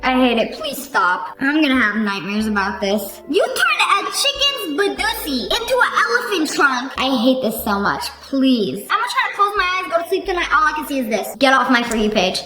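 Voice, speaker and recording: Woman host, high and very animated delivery, sarcastic reaction commentary. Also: moderate pace, few pauses. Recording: roomy echo with faint music.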